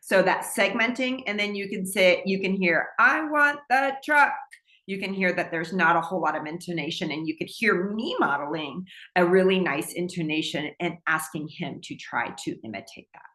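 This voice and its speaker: A woman with a slightly low voice walks through a teaching presentation as a speech pathologist. She explains steadily, laughing lightly now and then, and the room around her rings with echo. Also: a little fast, hardly any pauses, a bit bright. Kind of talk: recorded presentation lecture. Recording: echoey room.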